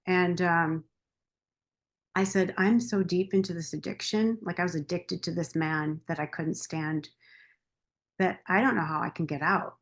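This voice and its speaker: A woman guest on a podcast telling her own story with frank openness. Her voice sits a little low, and she keeps acting out what she once said to herself. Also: steady tone, measured pace. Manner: open and confessional, quoting her past self. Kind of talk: candid personal story in a podcast interview.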